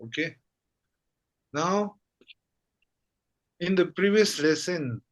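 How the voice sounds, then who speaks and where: A man teaching a language lesson patiently, checking understanding with frequent questions. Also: a little high. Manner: patient, repeats "okay?" often.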